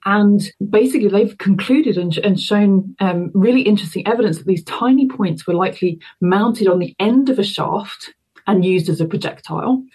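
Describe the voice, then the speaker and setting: A woman's voice: mid-range voice, moderate pace, mellow, breathy edge, low-quality recording. A woman researcher answering interview questions, explaining carefully and thoughtfully as she goes. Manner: explanatory, thoughtful, with fillers and restarts. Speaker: university researcher.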